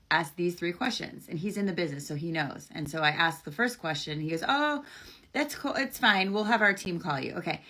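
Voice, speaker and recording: A woman with a low-pitched voice recounts a near-scam in a casual vlog. She is animated and candid, ending with firm warnings to her viewers. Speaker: content creator.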